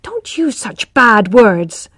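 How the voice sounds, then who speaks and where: A proud young country girl pleads, refuses and stands firm in a high voice in a storybook reading, as a woman reads her. The sound is dry and close. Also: sing-song, takes it slowly, a bit bright, no room sound, heavily acted. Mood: defiant.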